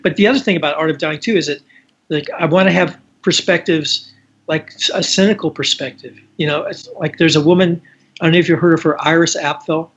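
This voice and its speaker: A man's voice: on the high side, fairly even intonation, a little fast. A man being interviewed as a magazine editor, talking casually with many restarts and frequent "you know"s. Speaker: magazine editor and photographer, guest. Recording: dull lo-fi sound with faint background hiss.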